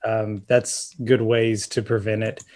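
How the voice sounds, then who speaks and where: A man's voice: fairly low pitch, little pitch movement, takes it slowly, darkish tone. Rambling man explaining roof care. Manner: rambling, explaining with fillers and restarts. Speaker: podcast co-host. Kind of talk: casual chat about roofing.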